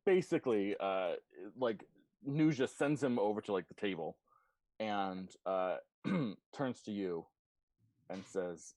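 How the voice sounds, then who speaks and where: A man narrating as game master of a tabletop game, relaxed and amused, with many fillers. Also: on the low side, slow, no echo, clean studio sound.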